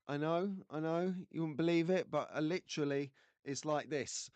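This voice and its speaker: A man's voice: a little high, moderate pace, a little mellow, clear, resonant tone, no room sound. A man from England hosting a casual live stream, chatty and jokey, greeting viewers by name.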